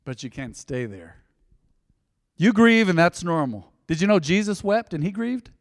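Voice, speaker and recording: A man's voice: sits high, very animated, normal speed, studio quality. Folksy male pastor in a reverberant hall. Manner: folksy and conversational, acting out little dialogues. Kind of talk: sermon.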